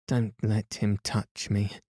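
A man's voice: fairly low pitch, flat delivery, takes it slowly, mellow, husky, no echo, clean studio sound. A man voicing a frightened young girl who pleads desperately for rescue. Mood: pleading. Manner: frantic, pleading.

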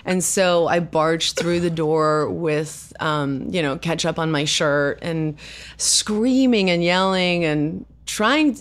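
A woman's voice: low-pitched, steady tone. Give me a woman from South Africa, Afrikaans first language, with a faint South African accent, chatting candidly as an interview guest. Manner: chatty and candid, quick to laugh and tease. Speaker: podcast guest, actress. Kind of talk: casual interview chat.

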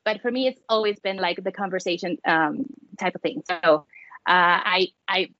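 A woman's voice: on the low side, fairly even intonation, moderate pace, fairly bright tone, dry recording. A woman from Mexico speaks English with a light Mexican accent, a mother chatting as a guest. She talks in loose, friendly bursts, full of fillers and restarts. The sound is dry and a bit dull. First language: Spanish. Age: adult with children. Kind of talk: casual interview chat.

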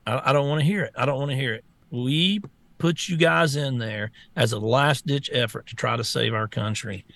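A man's voice: mid-range voice, moderate pace, vocal fry, a bit bright, no echo. A man co-hosting a political talk show, ranting bluntly and heatedly, repeating himself and laughing between jabs. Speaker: co-host.

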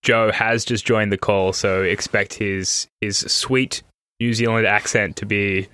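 A man hosts a casual podcast chat and rambles through his thoughts, correcting himself as he goes. His voice is fairly low, and he lifts it when he gets excited. The recording is dry and close. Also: a little slow, smooth, no echo. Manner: rambling, self-correcting, enthusiastic. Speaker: podcast host.

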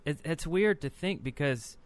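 A man with a smooth, resonant voice hosts a podcast. His pitch moves a lot as he runs through news items in an upbeat, chatty way. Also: expressive, a little slow. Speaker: podcast host. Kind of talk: casual chat.

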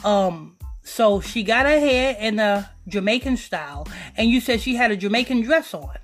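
A woman's voice: fairly high pitch, animated, moderate pace, faint music behind. A woman hosting a podcast, ranting in a profane, rambling, preachy way. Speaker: podcast host. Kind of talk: casual podcast rant.

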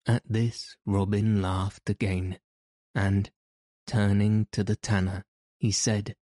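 A man narrating an old-fashioned tale in a measured, even storytelling manner. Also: on the low side, dry recording, studio quality.

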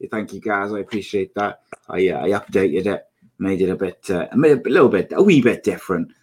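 A man's voice: deep voice, fairly quick, a little mellow, breathy edge. A young man hosting a casual live podcast, upbeat and chatty as he reads out viewer comments. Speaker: podcast host.

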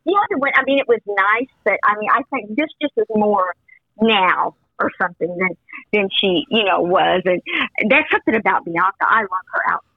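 A woman's voice: medium pitch, animated, fairly quick, dry recording. A talkative woman chats in a rambling, easygoing way, often trailing off and laughing. Her voice comes through dull and muffled, in a dry, close sound, like a phone line. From Missouri. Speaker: guest, host's mother. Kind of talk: casual chat.

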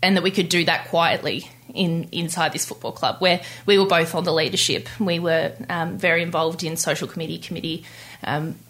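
A young woman telling her personal story in an interview, candid and halting, with many restarts. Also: fairly low pitch, steady tone, fairly bright tone. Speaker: interview guest.

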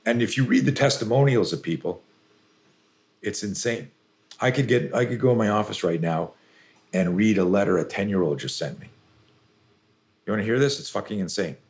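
A man's voice: lowish voice, moderate pace, pauses often. A middle-aged man, a self-defense coach, telling stories intensely and animatedly as a podcast guest, with casual swearing. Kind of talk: podcast interview storytelling.

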